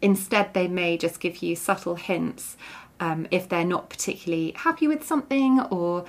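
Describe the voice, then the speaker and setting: A woman's voice: fairly low pitch, moderate pace. A woman in her thirties hosting a podcast, talking through a book she recommends in a chatty, friendly way. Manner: chatty, breaks into giggles while reading aloud. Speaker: podcast host. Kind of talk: book review monologue.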